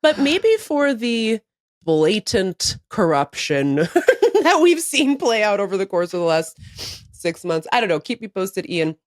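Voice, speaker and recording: A woman's voice: mid-range voice, unhurried, no room sound. Woman co-host, casual podcast chat, laughs a lot, rambles, dry close studio sound. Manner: animated, laughing often, rambling asides.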